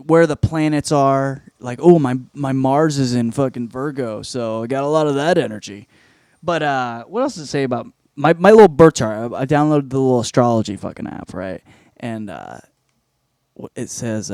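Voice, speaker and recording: A man's voice: fairly high pitch, darkish tone, no room sound, studio quality. A man hosting his own solo comedy podcast, rambling, profane and mocking himself as he goes. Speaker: podcast host.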